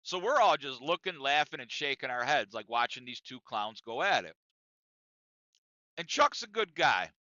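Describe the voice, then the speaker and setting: A man hosting a podcast, telling a profane comic story in an animated, conversational way, in a dry, dull lo-fi recording. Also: mid-range voice, moderate pace, no room sound. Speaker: podcast host.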